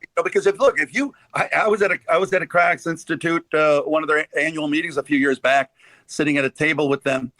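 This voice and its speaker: A man hosting a casual discussion, telling animated stories and acting out quoted dialogue. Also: a little high, quick pace, no room sound. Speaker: host.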